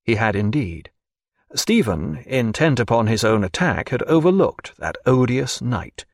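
A man narrating a novel as an audiobook, expressive and varied. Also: medium pitch, measured pace, vocal fry, no room sound, clean studio sound.

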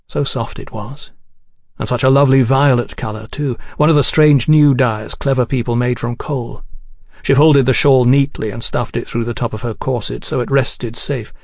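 A man narrating a novel in a measured, descriptive way. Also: mid-range voice, a little mellow, no echo, studio quality. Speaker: audiobook narrator. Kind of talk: scripted narration.

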